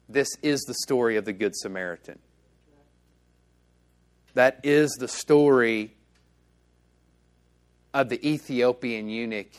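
A man's voice: fairly low pitch, smooth. A male pastor preaching a sermon in a church, telling stories in a casual, conversational way and acting out the dialogue.

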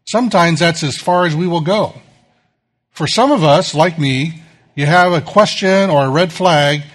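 A middle-aged male pastor giving a sermon, telling self-deprecating stories in a conversational way. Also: a little high.

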